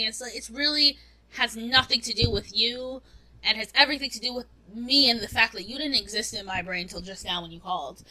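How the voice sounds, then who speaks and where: Bright-voiced young woman chatting candidly. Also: fairly high pitch, moderate pace, poor audio. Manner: candid, rambling, swears freely. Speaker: podcast co-host. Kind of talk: casual chat.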